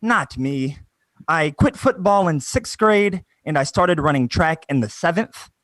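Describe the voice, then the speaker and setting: High, lively young comedian on a video call. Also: male voice, unhurried, no room sound. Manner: self-mocking, punchy delivery. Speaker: stand-up comedian. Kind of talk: stand-up set. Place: home, over video call.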